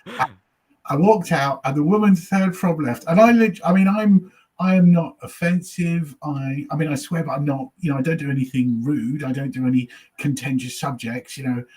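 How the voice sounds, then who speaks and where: A man's voice: fairly high pitch, moderate pace, darkish tone, slightly rough. A man, a comedian, telling anecdotes in casual chat, swearing freely and acting out what other people said. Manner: chatty storyteller, swears, acts out audience voices. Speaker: comedian guest.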